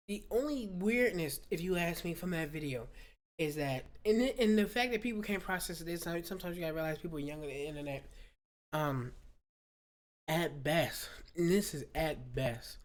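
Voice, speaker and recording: A woman vlogger at home, rambling casually into a proper microphone and talking straight to her viewers. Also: sits low. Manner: chatty, digressive, talks straight to viewers. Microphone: studio microphone.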